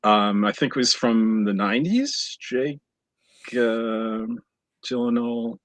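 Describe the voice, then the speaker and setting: A man's voice: mid-range voice, takes it slowly, dry recording. A man co-hosting a fan podcast, chatting casually and rambling as he searches for words with lots of ums. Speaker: podcast co-host. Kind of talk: casual chat.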